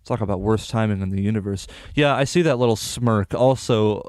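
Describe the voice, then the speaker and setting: A man's voice: lowish voice, a little fast, a little mellow, no room sound, studio quality. A man casually commentating a game playthrough, reading its dialogue aloud with sarcastic, sweary asides. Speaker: game streamer. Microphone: desktop USB microphone.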